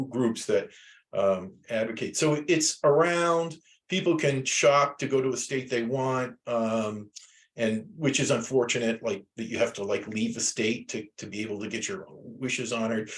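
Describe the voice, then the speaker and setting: Rambling man lecturing a class. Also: medium pitch. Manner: rambling, with many fillers and restarts. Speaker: instructor.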